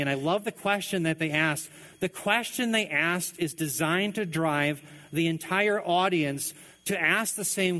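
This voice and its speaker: A man preaching a sermon in an earnest way, dropping his voice low on key phrases. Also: fairly bright tone, rough recording. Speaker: pastor.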